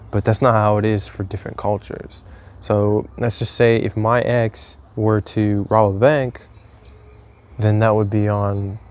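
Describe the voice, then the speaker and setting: A man's voice: on the low side, a little mellow. Candid young man rambling about a breakup. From United States. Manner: candid, rambling, swears freely, self-mocking. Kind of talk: casual storytelling to camera.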